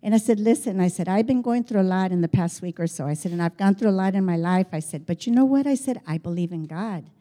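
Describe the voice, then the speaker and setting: Mellow-voiced older woman telling a story. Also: mid-range voice, quick pace, few pauses. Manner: chatty, animated, quotes dialogue, frequent restarts. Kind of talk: personal testimony storytelling.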